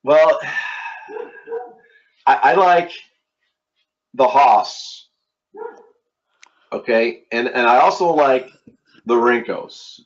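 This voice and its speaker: A middle-aged man from Philadelphia, on the East Coast of the United States, hosts a casual trading webinar as its instructor. He speaks at a medium pitch in a halting way, repeating words and using many fillers. The online audio sounds dull and lo-fi.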